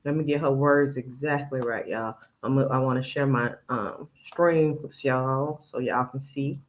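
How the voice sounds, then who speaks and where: A man's voice: medium pitch, fairly even intonation, measured pace, lo-fi sound. A man hosting a casual reaction commentary, chatty and picking apart another person's words as he quotes them. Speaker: commentary channel host.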